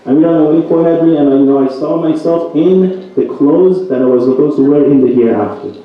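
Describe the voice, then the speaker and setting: A man's voice: fairly high pitch, fairly quick. A man giving a night sermon who tells a story and keeps checking in with his listeners with "right?". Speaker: religious speaker. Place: religious center hall. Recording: roomy echo, distant mic, dull sound.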